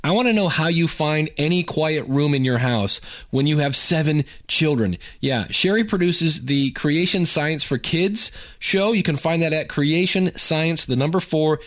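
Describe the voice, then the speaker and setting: A man's voice: a little high, moderate pace. Upbeat chatty male podcast host. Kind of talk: casual podcast monologue.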